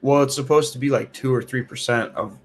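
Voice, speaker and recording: Husky man speaking haltingly. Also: medium pitch. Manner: halting, repeats words, casual slang. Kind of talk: casual chat.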